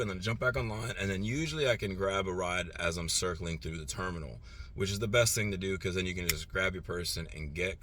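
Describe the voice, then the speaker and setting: A man's voice: low-pitched, slight background noise. A tired man, a rideshare driver, talking casually and profanely to the camera from his parked vehicle, rambling and getting heated in spots. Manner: rambling, profane, animated when ranting. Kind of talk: casual vlog monologue. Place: parked vehicle at airport lot.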